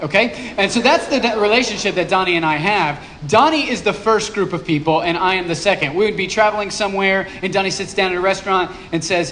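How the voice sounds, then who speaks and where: A man's voice: high-pitched, animated, fast, fairly bright tone, a little hiss or hum. A man, a pastor, preaching a sermon in a conversational, joking way, checking in with the congregation. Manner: conversational, playful asides to the congregation.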